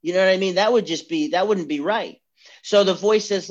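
A man's voice: high-pitched, fairly quick. A man speaking candidly and with self-mockery as he tells his own recovery story at a meeting. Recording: dull lo-fi recording.

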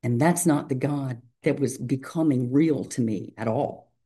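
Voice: mid-range voice, unhurried, mellow, breathy edge. A speaker sharing a personal recovery story in a reflective, hesitant way, with many fillers. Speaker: meeting member sharing. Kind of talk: personal testimony.

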